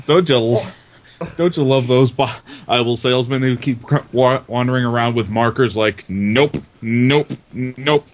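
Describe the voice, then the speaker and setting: A man on a comedy chat panel who talks in halting, stammering bursts. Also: mid-range voice, steady tone.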